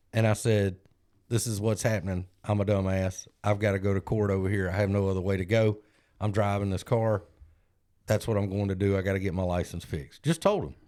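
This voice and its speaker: Low-voiced man telling a story. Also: steady tone, normal speed, darkish tone. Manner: self-deprecating, acts out other people's lines. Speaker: podcast co-host. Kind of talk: casual storytelling.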